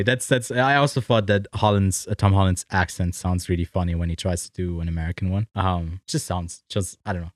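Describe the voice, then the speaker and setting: A man's voice: low voice, no echo, studio quality. A man co-hosting a podcast in casual chat, loose and joking, laughing often. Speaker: podcast co-host.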